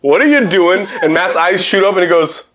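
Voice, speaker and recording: Male host, animated storyteller, laughs often, lively swinging pitch. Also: a little fast, heavy background noise. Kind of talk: casual storytelling chat.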